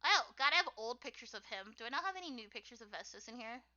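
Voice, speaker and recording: Young woman, very squeaky high voice, piercingly bright, rambling casual stream chat, giggly, dull lo-fi mic. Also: lively intonation, quick pace. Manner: rambling, full of "like", laughs often. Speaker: artist streaming her drawing work.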